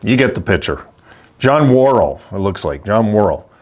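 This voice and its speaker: A man's voice: on the low side, big pitch swings, moderate pace, darkish tone. Older male host, opinionated and rambling vlog delivery. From Quebec. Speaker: hockey channel host.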